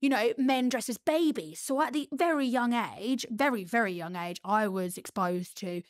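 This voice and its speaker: A woman's voice: on the high side, normal speed, no room sound, clean studio sound. A woman guest on a podcast, chatting candidly and trailing off mid-thought as she remembers. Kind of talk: casual chat.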